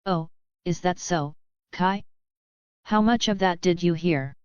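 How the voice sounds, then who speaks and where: A woman's voice: lowish voice, slow pace, darkish tone, clear, resonant tone, no echo, highs cut off. A woman reading the part of a hurt, proud young woman who answers guardedly and defensively.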